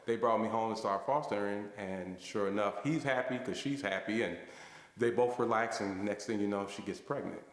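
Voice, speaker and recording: A man in his forties, from the United States, giving an emotional personal testimony at a banquet with halting restarts. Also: on the low side. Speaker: guest speaker at a fundraising banquet. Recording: echoey hall reverb.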